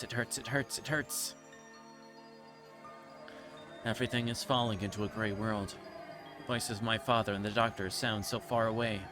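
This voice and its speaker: A delirious, guilt-ridden young girl in a visual novel, read aloud by a man in his own fairly low voice. The reading loops back on itself in anguish and trips over the odd word. Game music plays clearly behind. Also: lightly acted. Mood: dazed. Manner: repetitive, anguished, occasional stumbles over words. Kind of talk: dramatic reading of game text.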